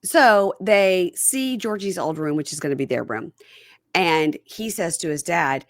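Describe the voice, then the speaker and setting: A woman's voice: on the low side, measured pace, no echo, studio quality. A woman hosting a podcast, chatting casually and acting out lines in funny voices. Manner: animated, acts out quotes in funny voices. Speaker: podcast host. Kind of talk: casual chat recapping a reality show.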